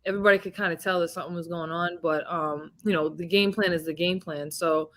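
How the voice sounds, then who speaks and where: A woman in her thirties, a boxing champion being interviewed, telling animated stories with laughs and swearing. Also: lowish voice, fast talker. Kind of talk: casual interview chat.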